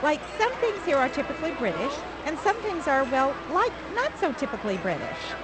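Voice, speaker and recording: A woman's voice: sits high, very animated, a little fast. A young woman with an American accent acting a firm, lecturing newlywed wife in a scripted learner dialogue. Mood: bossy. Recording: background noise.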